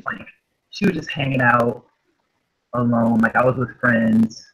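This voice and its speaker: A man's voice: medium pitch, steady tone, measured pace, a bit bright, lo-fi sound. A young man co-hosting a casual comedy chat, telling a story in a laid-back way with lots of fillers.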